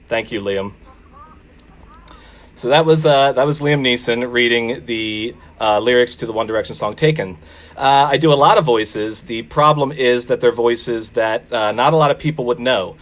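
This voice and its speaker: A man's voice: medium pitch, moderate pace. A man doing stand-up at a virtual open mic, self-deprecating, with many "uh" fillers. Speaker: stand-up comic.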